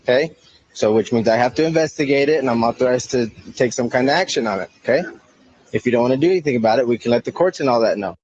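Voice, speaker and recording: A man's voice: mid-range voice, animated, quick pace, darkish tone, breathy edge, dry recording, muffled recording. A man working as a police officer, questioning someone during a stop and insistently repeating himself.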